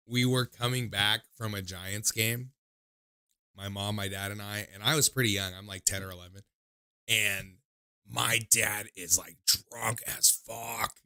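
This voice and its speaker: A man's voice: pushed and bright, no echo, studio quality. A young man, hosting a livestream and telling stories in a casual, profane, rambling way full of fillers. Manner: mimics people in high voices when quoting. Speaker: livestream host taking call-ins. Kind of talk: casual storytelling chat.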